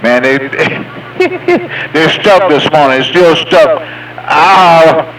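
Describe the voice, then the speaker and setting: A man's voice: fairly high pitch, sing-song, extremely slow, fairly bright tone, echoey room. A man talks in a loose, folksy drawl over CB radio. He sounds far from the mic. A noisy radio transmission hisses under his voice. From Georgia. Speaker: CB radio caller. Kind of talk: casual radio chat.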